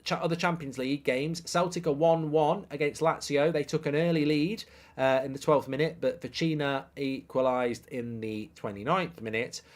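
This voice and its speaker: Brash, opinionated football host. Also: male voice, on the high side, moderate pace. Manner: brash, jokey, opinionated, swears casually. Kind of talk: live-stream football chat, reading viewer comments.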